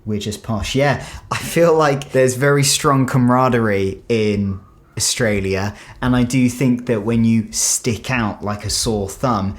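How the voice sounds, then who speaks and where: A man's voice: medium pitch, a little slow. An English man hosting a casual reaction video, chatty and reflective as he muses aloud. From England. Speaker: YouTube reaction host.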